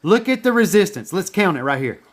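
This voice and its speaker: Brief: a high-pitched man explaining chart patterns, swearing freely and repeating himself for emphasis. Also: big pitch swings, fairly quick. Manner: profane, emphatic, repetitive. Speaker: trading educator. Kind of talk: casual screen-share lesson.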